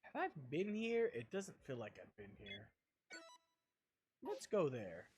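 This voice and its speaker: A man's voice: mid-range voice, huge pitch swings, slow, darkish tone, highs cut off, slight background noise. A man streaming a video game, rambling playfully to himself as he plays. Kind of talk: casual gameplay commentary.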